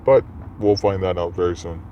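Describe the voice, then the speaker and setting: A man's voice: low voice, normal speed, dark tone. A man hosting a podcast alone, rambling casually and talking straight to his listeners. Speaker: podcast host. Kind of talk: casual solo monologue. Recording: muffled lo-fi recording, faint noise.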